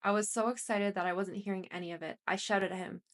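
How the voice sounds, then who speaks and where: A woman reads a first-person story aloud as an audiobook narrator. Her delivery is plain and steady, and she voices quoted lines only lightly. Her voice sits at a middle pitch. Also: quick pace.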